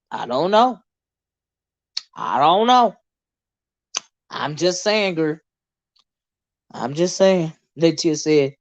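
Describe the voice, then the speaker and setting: A woman hosting a casual livestream gossip chat, reading viewer comments aloud in a chatty, laughing way with drawn-out asides. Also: fairly low pitch. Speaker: host. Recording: dull lo-fi sound.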